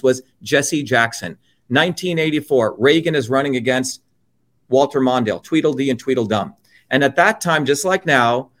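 A man's voice: medium pitch, fairly bright tone. A middle-aged man from India, an interview guest delivering a heated political monologue, blunt and profane, with mocking asides.

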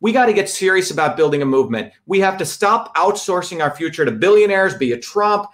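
Expressive and fairly quick, a high-pitched man with a fairly bright tone speaks passionately on politics to a live audience. He is emphatic, repeats himself, and builds his arguments as lists.

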